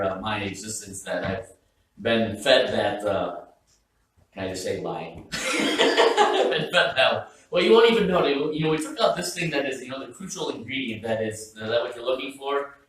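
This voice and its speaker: Joking pastor preaching in an echoey church. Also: male voice, mid-range voice, lively intonation, normal speed, recorded from a distance. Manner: conversational, joking, self-interrupting. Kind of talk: sermon. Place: church sanctuary.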